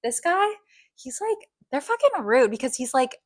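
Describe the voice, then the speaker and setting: A woman's voice: sits high, very animated, moderate pace, no echo. A woman casually telling a story, rambling with constant fillers and swearing. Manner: rambling, heavy filler "like", profane.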